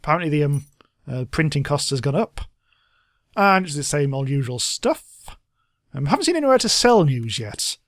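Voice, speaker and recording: A man's voice: on the high side, very animated, moderate pace, no echo, clean studio sound. Chatty man playing a game. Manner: chatty, giggly, reads game text aloud. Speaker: let's play host. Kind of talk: casual gameplay commentary.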